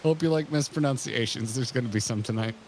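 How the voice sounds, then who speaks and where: A man casually chatting on a game stream, playful and quick to laugh at his own slips. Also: mid-range voice, darkish tone, slight background noise.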